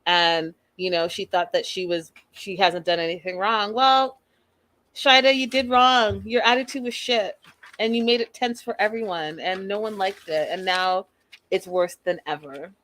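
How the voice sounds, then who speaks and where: Young woman host, casual reality-show recap, outspoken and animated, medium pitch. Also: moderate pace. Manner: animated, opinionated, acts out quotes. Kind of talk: casual opinionated recap talk.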